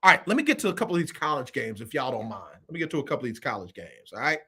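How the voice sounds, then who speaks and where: A man hosting a casual sports talk show, running through his football picks in a lively way and repeating his phrases. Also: mid-range voice, very fast, breathy edge. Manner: animated, repeats phrases, Southern US Black vernacular.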